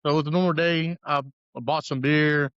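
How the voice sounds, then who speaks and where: A man's voice: on the high side, steady tone, normal speed, fairly bright tone, clear, resonant tone, dry recording, muffled recording. A man as a podcast guest, earnestly telling a personal story in a rambling way full of restarts.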